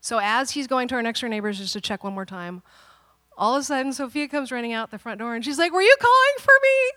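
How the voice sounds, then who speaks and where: A woman pastor in her thirties telling a family story during a sermon, animated and dramatic, with playful asides. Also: on the high side, fast talker, in a large hall.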